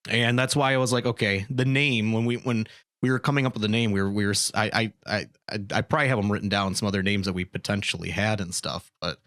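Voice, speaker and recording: A man hosts a laid-back podcast in a fairly low, steady, fairly bright voice, talking fast in casual chat. He rambles and restarts sentences with repeated words, and his voice is recorded close and dry with no room sound around it.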